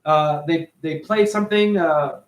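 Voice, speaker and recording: A man's voice: a little high, measured pace. A man hosting a casual livestream, talking animatedly and profanely and answering viewers by name. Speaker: livestream host reading chat.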